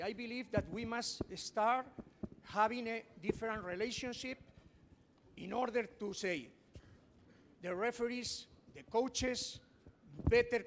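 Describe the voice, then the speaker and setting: A man presenting at a seminar, talking earnestly with non-native phrasing and a lot of repetition, to an audience in a large hall. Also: sits high. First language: not English. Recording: echoey hall with background noise.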